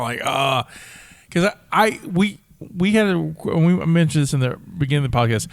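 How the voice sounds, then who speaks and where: A man's voice: a little high, fairly quick, no echo, studio quality. A man co-hosting a podcast in casual chat, talking animatedly and cutting in on the others. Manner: animated, jumps in and talks over others. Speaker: podcast co-host.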